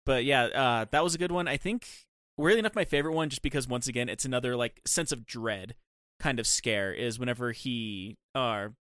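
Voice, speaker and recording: Young male podcast co-host, rapid casual delivery, dry close sound. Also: mid-range voice, a bit bright, no echo. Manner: rambling, many "like" fillers. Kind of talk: casual chat.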